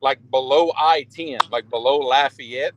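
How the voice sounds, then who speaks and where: A man with a South Louisiana accent chatting casually on a fishing livestream call from a loud truck, easygoing and often restarting his words. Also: medium pitch, measured pace, highs cut off, background noise. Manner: easygoing, chuckles often, repeats words as he starts. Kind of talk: casual chat.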